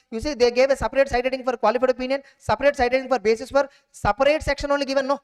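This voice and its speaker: A woman giving an exam revision lecture, drilling points and often checking that students follow. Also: fairly high pitch. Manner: drilling, keeps checking understanding with quick questions. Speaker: teacher.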